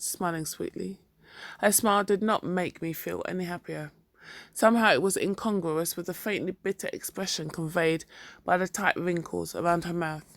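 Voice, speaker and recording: Audiobook narrator, first person, mid-pitched, dry studio sound. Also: a bit bright, no echo. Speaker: audiobook reader.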